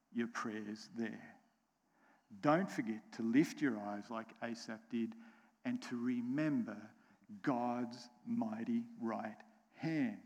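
A man with an American accent preaching a sermon to his congregation, slow and emphatic, repeating key phrases and putting questions to the room. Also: medium pitch. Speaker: pastor. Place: church sanctuary. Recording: long church hall reverb.

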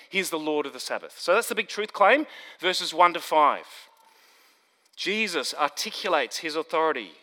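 High bright-voiced man preaching in a hall. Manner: emphatic, builds to stressed points then drops low. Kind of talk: expository sermon. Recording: long hall reverb.

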